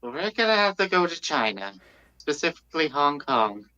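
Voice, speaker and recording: A player in a tabletop game, talking in a lively, bossy way. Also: mid-range voice, moderate pace, highs cut off. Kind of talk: casual chat in a tabletop game.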